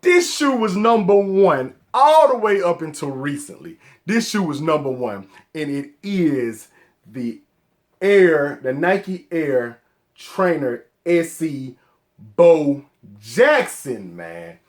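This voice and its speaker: A man from Atlanta with a Southern accent, casually counting down his favorite sneakers in a relaxed vlog and tagging "man" onto his lines with excited bursts. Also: on the high side, slow. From Atlanta, Georgia. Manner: laid-back, peppers sentences with "man", excited bursts. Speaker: sneaker vlogger.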